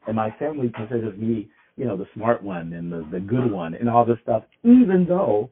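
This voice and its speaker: A man's voice: medium pitch, sing-song, brisk. Man rambling on a tinny line. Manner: rambling, restarts often. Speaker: podcast co-host. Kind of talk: casual podcast chat. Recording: tinny phone-like sound.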